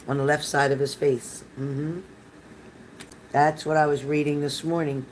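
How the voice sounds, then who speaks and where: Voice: medium pitch, flat delivery, measured pace, slight background noise, poor audio. An older tarot reader giving live readings to chat viewers in a chatty, rambling, reassuring manner.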